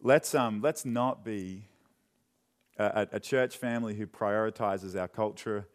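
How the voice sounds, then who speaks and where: A young man preaching a sermon in a church, chatty and joking, then dropping into quiet, earnest questions. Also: fairly low pitch, measured pace. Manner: conversational and joking, with sudden drops to quiet earnestness. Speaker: pastor. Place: church hall.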